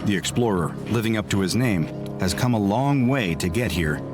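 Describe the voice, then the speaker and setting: A man narrating a scripted dark story in a measured, building storyteller's manner. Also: fairly low pitch, lively intonation. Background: music.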